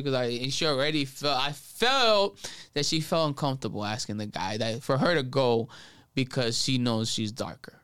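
Animated man telling a story, smooth voice. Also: mid-range voice, moderate pace, dry recording. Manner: animated storytelling, mixes in Spanish. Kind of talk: casual conversation.

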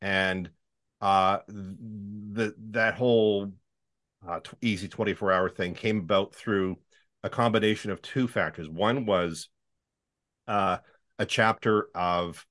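A man's voice: on the low side, fairly even intonation, takes it slowly, fairly bright tone. A voiceover artist, a man, explaining his business in a casual interview. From Canada. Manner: explanatory, with many fillers and restarts.

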